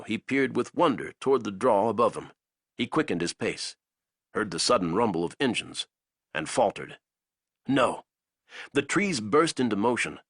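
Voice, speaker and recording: A man narrating an action audiobook in a dramatic, expressive way. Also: lowish voice, no echo, clean studio sound.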